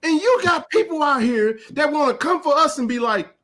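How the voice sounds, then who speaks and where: A man hosting a live sports chat, ranting with passion and rising to shouts. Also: extremely high pitch, moderate pace. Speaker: sports talk show host.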